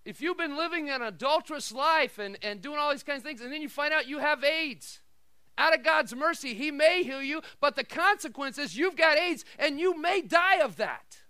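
A middle-aged man preaching a sermon as pastor, telling stories with animated swings between shouted lines and quiet asides. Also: extremely high pitch, normal speed, dry recording.

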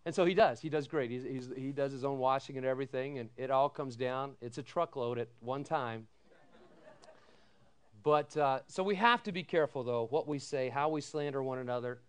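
A middle-aged man giving a sermon as pastor, telling folksy stories with animated quoted voices and asking the congregation "amen?". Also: mid-range voice, normal speed, clean tone.

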